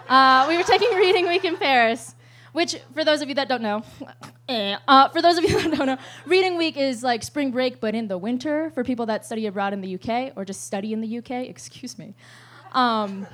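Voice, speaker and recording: A young adult woman performing a live stand-up set, telling profane, animated stories with loud outbursts and frequent laughter mid-sentence. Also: on the high side. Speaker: stand-up comedian. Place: live show stage.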